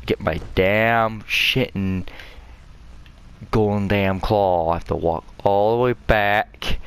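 A man narrating his gameplay in a low, smooth and resonant voice. He rants angrily and swears freely at every setback. It is loose, profane let's play commentary. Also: fairly even intonation, slow. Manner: angry, profane, ranting. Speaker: gamer.

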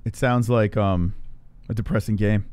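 A man's voice: fairly low pitch, steady tone, moderate pace, darkish tone, no echo. A man streaming a horror game live from his home computer, cursing often, startling easily and mocking his own play. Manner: swears a lot, jumpy, self-mocking. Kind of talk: live gameplay commentary. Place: home room with gaming computer.

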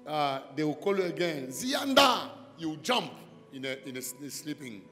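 High-pitched male pastor with broken English, shouts and direct questions, echoing church hall. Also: moderate pace, soft background music. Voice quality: non-native English with broken grammar. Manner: preaching with sudden shouted calls and repeated questions to the listener. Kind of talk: deliverance sermon.

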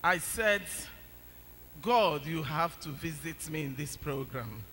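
A man's voice: fairly high pitch, expressive, takes it slowly, a bit bright, slight background noise. A man giving an emphatic church testimony, with hesitant fillers. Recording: long church reverb, faint ambience.

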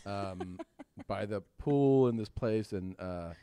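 A man's voice: lowish voice, slow pace, dark tone, smooth. A man on a podcast telling rambling anecdotes, acting out the lines of the people in them. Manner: rambling storyteller, acts out quoted lines.

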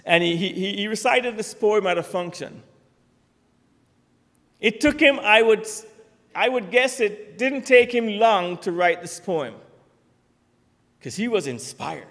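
A man's voice: high-pitched, animated, slow, long pauses, a bit bright. A man preaching a sermon, emphatic, with rising declarations. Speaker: pastor. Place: church sanctuary. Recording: church sanctuary with long reverb.

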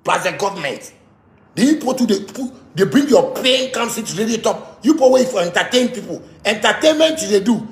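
Ranting Ghanaian man, high gravelly voice. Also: expressive, moderate pace, roomy sound. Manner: ranting, switching between Twi and pidgin, shouting often. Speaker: musician speaking to fans. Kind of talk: animated live-stream rant.

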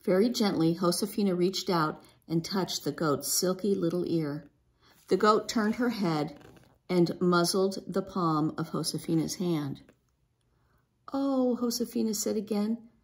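A woman reading a children's book aloud in a gentle, expressive way. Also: on the low side, unhurried. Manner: gentle, expressive, lifts her voice for a young girl's lines. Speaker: storybook reader.

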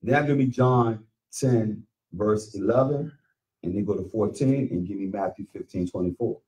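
A man's voice: on the low side, moderate pace, warm tone, recorded from a distance, rough recording. A man leading a call-and-response Bible lesson, emphatic and questioning, often repeating his phrases. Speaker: teacher leading Bible study.

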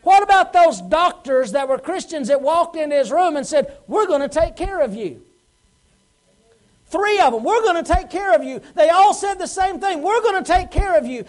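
In a church sanctuary, a pastor gives a Sunday sermon, his voice unusually high for a man, on a rough recording. He presses the congregation with rhetorical questions and acts out the lines of people in his stories.

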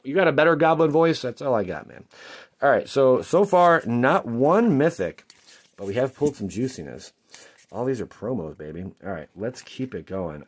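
Casting: male vlogger, lively swooping pitch, playful, bursts into shouts at good pulls. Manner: excitable, jokey, shouts at big pulls. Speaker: card-opening channel host. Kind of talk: casual pack-opening commentary.

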